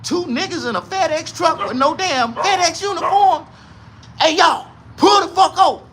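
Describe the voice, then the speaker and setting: A man voicing a loud, suspicious male highway patrol officer who barks profane orders. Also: expressive, fairly quick, slight background noise, full character voice. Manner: shouting, profane, bossy.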